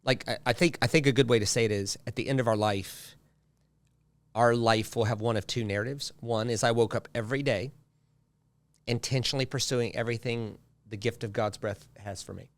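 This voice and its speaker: A man guesting on a podcast, speaking in a middle-range voice as he tells a story in an animated way. He repeats phrases for effect and keeps coming back to his points. The sound is dry and close, with no room around it. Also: medium pitch, fairly quick, dry recording. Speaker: guest pastor. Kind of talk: casual podcast conversation.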